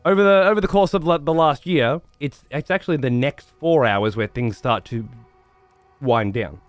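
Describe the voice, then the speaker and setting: A man's voice: a little high, normal speed, no room sound, soft background music. A man livestreaming, chatting to viewers in a rambling, profane way and repeating words as he thinks. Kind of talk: casual chat to stream viewers.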